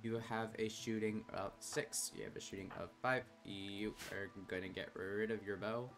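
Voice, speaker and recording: A man streaming a colony-building game, chatting and reading out game text, quickly exasperated with his colonists, swearing and then apologizing. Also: fairly low pitch, fairly even intonation, vocal fry, faint music behind. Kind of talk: casual gameplay commentary.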